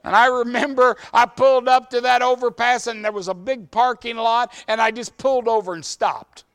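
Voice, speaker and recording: A man's voice: very high voice, fairly even intonation, moderate pace, smooth. A man, a preacher telling a story in a sermon in a folksy way. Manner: folksy storyteller, acts out shouted quotes.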